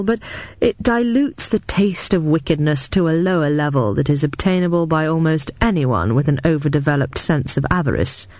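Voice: medium pitch, darkish tone, no room sound, lightly acted. A narrator voicing a pompous, theatrical male master criminal who savours each wicked word. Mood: gloating. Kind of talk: audiobook character voice.

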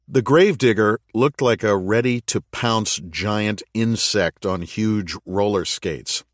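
A man reading an audiobook in steady, measured scripted narration. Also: fairly low pitch, no echo, clean studio sound.

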